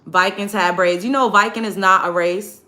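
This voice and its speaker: A woman's voice: medium pitch, steady tone, moderate pace, pushed and bright. A woman ranting bluntly and sarcastically to camera while getting ready, with a Black American English accent and frequent profanity. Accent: African American English. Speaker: vlogger. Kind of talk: get-ready-with-me rant to camera.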